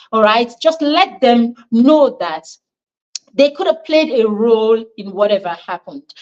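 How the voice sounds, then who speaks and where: A woman's voice: mid-range voice, a little mellow, highs cut off. Emphatic woman teaching a parenting class. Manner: emphatic, repeats points and asks the listeners questions. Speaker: parenting coach.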